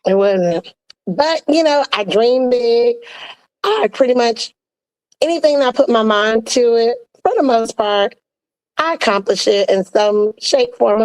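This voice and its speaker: A woman co-hosting a podcast, chatting casually and warmly, laughing and fighting back tears as she tells stories with playful quoted asides. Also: mid-range voice, clean tone, low-quality recording. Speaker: podcast co-host. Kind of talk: casual heartfelt chat.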